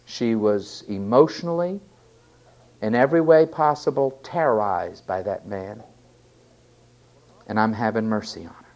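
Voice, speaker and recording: Slow, emphatic male preacher. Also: on the low side. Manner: emphatic, swinging between loud stresses and quiet asides. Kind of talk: sermon.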